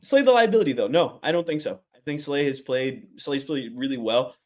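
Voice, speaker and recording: A man's voice: mid-range voice, expressive, fairly quick, darkish tone. A man co-hosting a sports podcast, chatting casually and animatedly, laughing often and giving blunt opinions. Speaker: podcast co-host.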